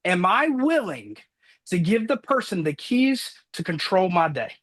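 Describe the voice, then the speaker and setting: Husky guy preaching mindset, fired up, slows way down on the big lines. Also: sits high, big pitch swings. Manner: fervent, preacher-like, swings loud and slow for emphasis. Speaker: top-producing insurance agent, guest. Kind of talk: motivational talk.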